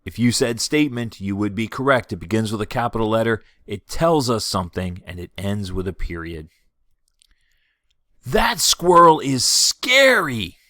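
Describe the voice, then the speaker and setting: A man teaching a third grade class in a video lesson, explaining clearly and patiently, reading example sentences slowly and expressively. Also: fairly low pitch, dry recording, studio quality.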